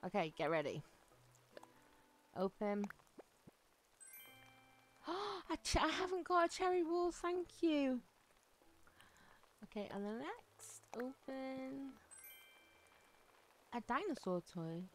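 A woman streams a game in a high voice with big pitch swings, speaking slowly with long pauses. Bubbly, she gushes thanks and often gasps and giggles, with slight background noise and faint game music behind her.

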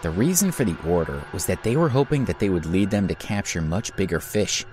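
A man's voice: deep voice, animated, a little fast, over music. A man narrating an audio drama in a dramatic storytelling manner.

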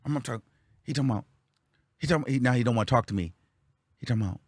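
A young man telling a story on his vlog, animated and loud when acting out what people said. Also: medium pitch, fast, dry recording, studio quality. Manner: animated, acts out quotes loudly. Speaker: vlogger.

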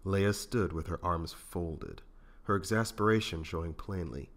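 Deep-voiced man narrating a story. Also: measured pace. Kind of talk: fan audiobook narration.

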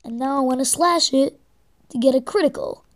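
High-voiced woman grumbling through gameplay. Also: moderate pace. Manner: exasperated, swearing at the game. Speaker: let's play gamer. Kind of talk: gameplay commentary.

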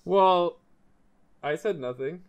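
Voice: mid-range voice, slow, smooth, lo-fi sound. A gamer streamer casually chatting with other players over voice chat in a teasing, giggly way, speaking into a desk microphone.

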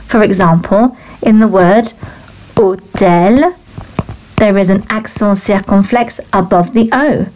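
A woman teaching French to children, explaining slowly and clearly with cheerful enthusiasm. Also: medium pitch, a little mellow, slight background noise. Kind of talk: children's language lesson.

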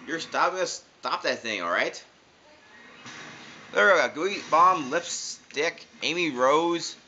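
A man giving casual, jokey let's-play commentary, talking back to the game characters as he plays. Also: mid-range voice. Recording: dull lo-fi sound with loud game music.

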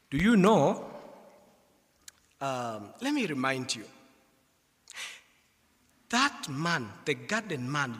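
Animated preacher, echoing church. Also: male voice, sits high. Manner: animated, swings from quiet asides to shouted exhortation. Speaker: preacher at a funeral service. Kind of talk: sermon with storytelling. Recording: echoey church hall with long reverb.

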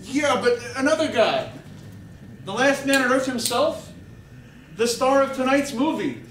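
A man's voice: very high voice, lively intonation, measured pace, a bit bright, echoey room, recorded from a distance, a little hiss or hum, full character voice, low-quality recording. A man voicing a dim-witted, slacker-ish ancient vampire sidekick who keeps saying "man". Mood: dopey. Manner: slacker-ish, says 'man' a lot.

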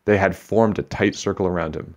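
A man reading a children's book aloud with steady, expressive storytelling. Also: low-pitched, brisk.

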